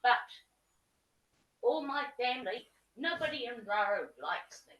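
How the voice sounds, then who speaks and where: A woman's voice: fairly high pitch, animated, measured pace, fairly bright tone, echoey room, far from the mic, slight background noise, poor audio. A woman in a meeting speaking emotionally, with wry, outspoken humor. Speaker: meeting participant. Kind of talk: casual conversation.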